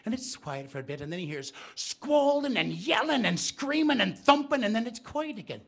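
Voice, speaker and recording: A man's voice: high-pitched, big pitch swings, moderate pace. A man telling comic stories live to an audience in a bookstore, chatting with the crowd. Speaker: storyteller.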